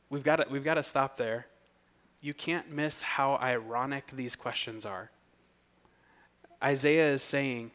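A man preaching an expository sermon, earnest and emphatic, whose voice rises in pitch and volume when he reads scripture aloud. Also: steady tone, a little slow, fairly bright tone. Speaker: pastor.

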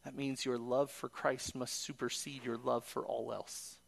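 A man's voice: medium pitch, flat delivery, measured pace, creaky. A man preaching a sermon in an earnest way, quoting scripture and building to emphatic peaks.

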